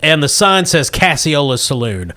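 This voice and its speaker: A man's voice: a little high, sing-song, moderate pace, sharp tone. A man running a comedy tabletop game as game master, narrating in a laid-back way and laughing often.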